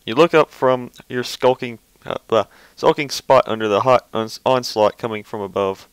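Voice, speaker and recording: A man's voice: medium pitch, normal speed, few pauses, smooth, no room sound, low-quality recording. A man reading fan fiction aloud, often stumbling over words and breaking off into casual, offhand asides. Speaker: reader.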